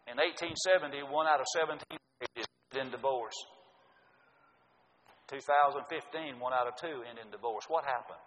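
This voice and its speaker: A man's voice: medium pitch, normal speed, fairly bright tone, slight background noise. A man preaching a sermon, earnest and emphatic, citing scripture. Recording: dull lo-fi audio with long hall reverb.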